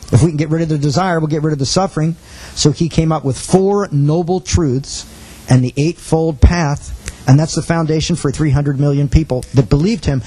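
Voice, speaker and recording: A middle-aged man giving a sermon-style teaching talk with a husky voice, telling stories and acting out quotes earnestly. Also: on the high side, dark tone, rough recording. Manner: storytelling with acted quotes, earnest. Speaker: preacher.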